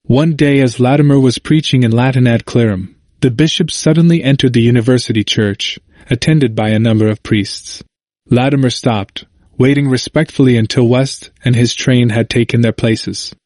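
A man narrating a history book in a measured, even reading. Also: mid-range voice, no echo, studio quality. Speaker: audiobook narrator.

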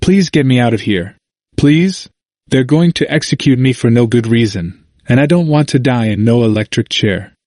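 A man's voice: mid-range voice, expressive, moderate pace, a little mellow, no echo, studio quality, natural voice. A man voicing a confused, frightened old man. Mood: pleading. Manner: emphatic, repetitive, plain-spoken dialect. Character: confused, frightened older man, pleading and defiant.

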